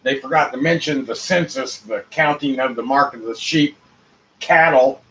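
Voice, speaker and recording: A man hosting his own show alone, rambling in a free-associating monologue with rhyming wordplay, dropping to mutters and rising to loud outbursts. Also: medium pitch, moderate pace, a little hiss or hum, low-quality recording. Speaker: show host.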